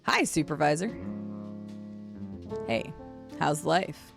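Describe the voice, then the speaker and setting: A woman's voice: low voice, expressive, takes it slowly, creaky, music in the background, voice pushed down, heavily acted. A woman reading out a mild-mannered young frog detective from a cartoonish game, in a casual read-aloud manner. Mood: friendly.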